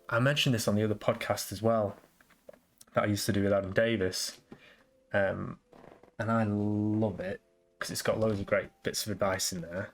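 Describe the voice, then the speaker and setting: A man's voice: lowish voice, a little hiss or hum. A man hosting a casual solo podcast, rambling and self-deprecating with lots of restarts. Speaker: podcast host.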